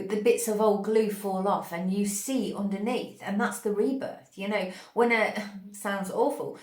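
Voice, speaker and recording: Gushing, dreamy woman in a roomy echo. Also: medium pitch. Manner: dreamy, gushing, pauses to receive words. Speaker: spiritual channel host. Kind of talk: intuitive channeled message reading.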